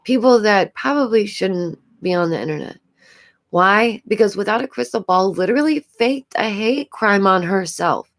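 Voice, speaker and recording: A woman's voice: mid-range voice, vocal fry. Exasperated woman vlogger with frequent laughs. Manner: exasperated, rambling, laughs often. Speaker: YouTube commentary host. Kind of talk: casual commentary vlog.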